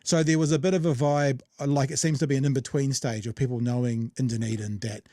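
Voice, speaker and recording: A man with a New Zealand accent, talking casually as a podcast host. He tells stories chattily and pokes fun at himself, at a middle pitch, in a dry, close recording. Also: steady tone, fast talker, mellow, dry recording. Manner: chatty storyteller, self-deprecating. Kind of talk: casual chat.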